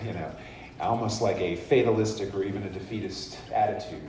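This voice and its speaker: A man giving a sermon in a church, speaking in an unhurried, conversational and playful way. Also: fairly low pitch, animated, slight background noise. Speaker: guest speaker. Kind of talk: sermon with humor. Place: church sanctuary. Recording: echoey church hall, mic far off.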